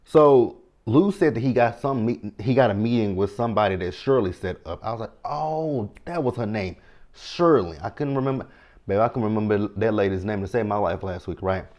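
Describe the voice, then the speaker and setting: Chatty low-voiced man. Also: brisk. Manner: chatty and animated, talks to viewers directly. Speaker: TV show recap host. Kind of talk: casual episode recap.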